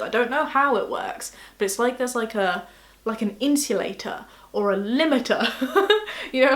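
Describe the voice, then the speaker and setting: Chatty woman vlogger who laughs a lot. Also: on the high side. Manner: chatty, self-mocking, laughs often. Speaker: YouTuber giving tips. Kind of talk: casual vlog talk to camera.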